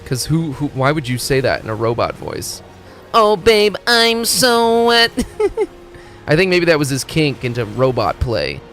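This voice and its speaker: A man streaming a video game, talking in a rambling, excitable, profane way as he plays. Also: medium pitch, normal speed. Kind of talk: casual gaming commentary. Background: faint game music.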